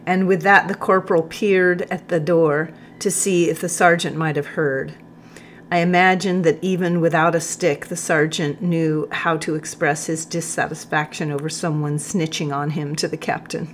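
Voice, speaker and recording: A woman reads an audiobook in a notably low voice. Her delivery is calm and measured, unhurried storytelling with a faint hiss of noise behind. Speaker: audiobook narrator. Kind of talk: audiobook narration.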